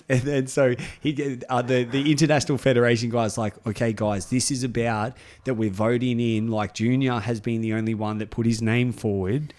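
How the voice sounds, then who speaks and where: Man, podcast co-host, casual storytelling, animated, swearing, mid-pitched voice. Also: moderate pace. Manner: animated, swearing, laughs through his story.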